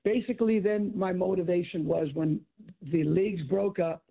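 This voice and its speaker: A man's voice: sits high, moderate pace, vocal fry, slightly rough. A middle-aged man, a former football coach and author, telling stories in casual conversation and acting out quotes. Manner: animated storyteller acting out quotes. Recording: tinny phone-like audio.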